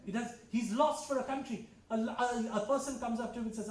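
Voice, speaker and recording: A man's voice: very high-pitched, fairly even intonation, fairly quick, hardly any pauses. A man performing stand-up comedy, telling stories conversationally and slipping into character voices. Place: club hall with live audience. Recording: echoey hall, heard from a distance.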